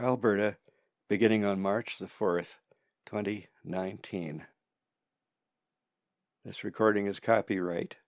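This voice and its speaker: A man reading his own book aloud as audiobook narration, measured and unhurried. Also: on the low side, gravelly, no room sound, dull audio.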